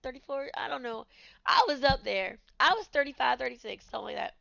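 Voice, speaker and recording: A woman in her thirties hosts a podcast, candidly telling her own story in a conversational way with many fillers. Her high-pitched voice is creaky and sharp, with lively intonation and a quick pace. The audio is dull but has no echo.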